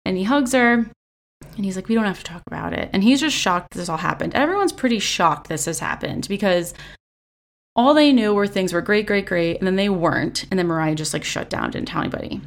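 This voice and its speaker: A woman's voice: medium pitch, animated, a little fast. A young woman giving a casual, profane recap of a reality show, chatty and sarcastic with lots of filler words, recorded on a phone. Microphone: phone selfie camera.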